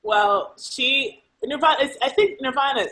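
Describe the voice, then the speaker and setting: A woman's voice: high voice, moderate pace, a bit bright, poor audio. A woman, co-hosting a casual video chat, who laughs often and teases her friend. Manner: giggly, laughs often between lines; teasing, coaxing. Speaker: co-host of a live video chat.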